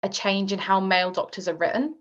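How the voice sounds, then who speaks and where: A guest author on a podcast speaks a little fast in a medium-pitched voice, captured in a slightly muffled lo-fi recording. She's chatty and casual, leaning heavily on fillers like "like" and "um."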